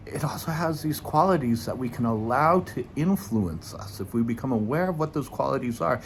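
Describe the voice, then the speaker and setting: A man teaching as a meditation teacher, talking in a gentle, unhurried, informal way before guiding a short meditation. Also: mid-range voice, a little hiss or hum. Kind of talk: dharma talk leading into guided meditation.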